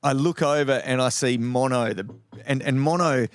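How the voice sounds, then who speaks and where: A middle-aged man from Western Australia with an Australian accent guests on a podcast, telling rambling, swear-filled anecdotes in casual storytelling. He speaks at normal speed and medium pitch, and the recording is dry.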